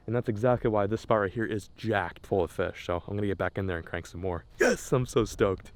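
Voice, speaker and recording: A young man filming a fishing vlog on a riverbank, talking excitedly and stammering when a fish bites. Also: lowish voice, a little fast, slight background noise. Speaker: fishing vlogger. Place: outdoors on a river bank.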